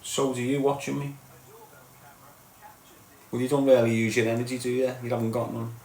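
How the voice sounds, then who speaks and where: Brief: middle-aged Liverpool man, blunt mocking live-stream rant, everyday pitch, roomy echo. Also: flat delivery, normal speed, a little mellow. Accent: Liverpool (Scouse). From Liverpool, England. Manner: blunt, sweary, mocking, tags lines with "lad" and "mate". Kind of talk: ranting live-stream chat with viewers.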